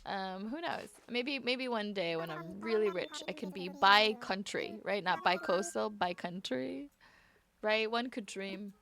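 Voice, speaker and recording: A woman's voice: mid-range voice, a little slow, few pauses, crowd noise. A young woman chatting casually to viewers on a live stream while playing a game, rambling with lots of fillers and restarts.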